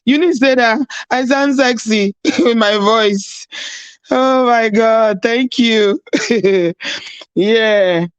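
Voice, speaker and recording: Husky Nigerian woman hosting a live chat. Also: fairly high pitch, takes it slowly, no room sound, muffled recording. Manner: chatty, laughing, mixes in Nigerian Pidgin. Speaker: live-stream host. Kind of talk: casual live-stream chat. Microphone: no proper mic, device mic.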